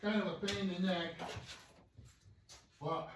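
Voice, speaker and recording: Man, casual vlog chat, winded, rambling with puffing sighs, slow, roomy basement, faint noise. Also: high voice, steady tone, far from the mic. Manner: rambling, loose, with many fillers and puffing sighs. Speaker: hobby vlogger. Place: cluttered basement man cave. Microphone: distant from the mic, moving around the room.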